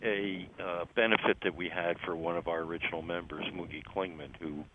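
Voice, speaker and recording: Older man with a Philly accent, very low voice, unhurried and halting, heard over a tinny phone line. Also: heavy background noise. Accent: Philadelphia. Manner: relaxed, halting, many ums and uhs, wry laughs. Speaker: interview guest, musician. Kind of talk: phone interview chat.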